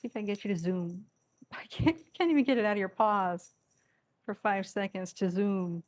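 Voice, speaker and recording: A cat rescue vlogger films her rescue cats at home on a tripod, talking to them casually during play. Her medium-pitched voice is a little mellow and moves at a moderate pace, full of playful teasing and frequent laughter, in an indoor room with the cats.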